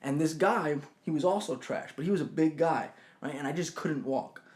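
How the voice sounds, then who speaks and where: A young man tells a college story in casual chat. He is animated and swears freely, and he shouts out the quoted lines. His voice sits a little high for a man. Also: moderate pace. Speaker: podcast co-host.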